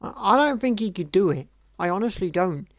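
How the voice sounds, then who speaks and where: A man's voice: high-pitched, lively intonation, fairly quick, no room sound. A man streaming live, ranting in a sarcastic, profane and repetitive way. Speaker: gaming streamer. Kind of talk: casual live-stream rant.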